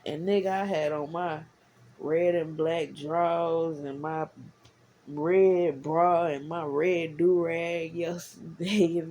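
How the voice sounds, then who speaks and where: A woman talking casually to her followers, rambling and repeating herself. She swings from low murmurs to heated, profane bursts. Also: fairly even intonation, slow pace, warm tone, slight background noise, poor audio. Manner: frank and profane. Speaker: vlogger.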